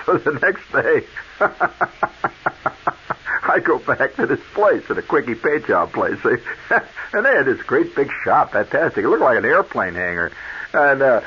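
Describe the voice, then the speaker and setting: A man hosting a radio show, telling a story in a chatty, animated monologue that speaks straight to the listener. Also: mid-range voice, breathy edge. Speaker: radio host. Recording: muffled old radio broadcast with hiss.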